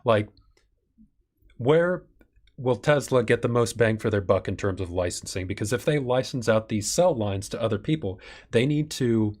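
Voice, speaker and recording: A man's voice: medium pitch, animated, normal speed, a little mellow. A man hosting a live stream Q&A, reading viewer questions and thinking aloud with some fillers. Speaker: channel host.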